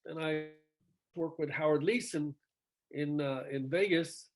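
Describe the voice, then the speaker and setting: A man's voice: a little high, unhurried. A middle-aged male rock singer telling stories in a casual interview over a video call, acting out quoted dialogue and laughing often.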